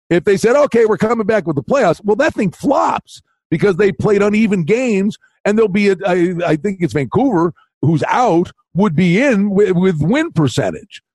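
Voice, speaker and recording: Animated man on a dry close mic. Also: high voice, no echo. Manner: animated, talks over his partner, quick bursts. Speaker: podcast co-host. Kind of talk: casual sports betting chat.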